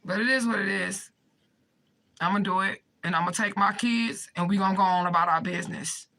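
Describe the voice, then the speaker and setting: A woman's voice: medium pitch, fairly quick, gravelly, pushed and bright, low-quality recording. A woman in a direct-to-camera vlog rant, swearing often and pleading with emphatic repetition. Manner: impassioned, pleading. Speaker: vlogger addressing viewers.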